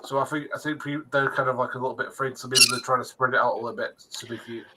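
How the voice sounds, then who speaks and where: A man chatting casually on a show, halting and stammering, cracking jokes. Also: mid-range voice, fairly even intonation, very noisy. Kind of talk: casual chat.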